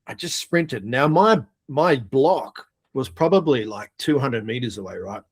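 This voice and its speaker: A middle-aged man from Australia, a podcast guest and air force veteran, telling a story in a lively, swearing way and laughing as he goes. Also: mid-range voice, measured pace, slightly rough. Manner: animated, swears a lot, laughs through his story. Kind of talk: casual storytelling.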